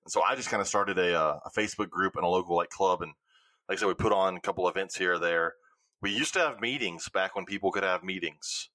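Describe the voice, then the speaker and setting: A man, hosting a podcast and telling animated stories in casual chat. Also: low-pitched, fast, no echo. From Louisiana. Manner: animated storytelling with swearing. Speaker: podcast host.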